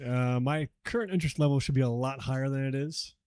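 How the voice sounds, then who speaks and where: A man in his forties and a father of three, talking candidly and low-key in a casual podcast chat. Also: fast talker, darkish tone, smooth, no room sound. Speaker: podcast guest.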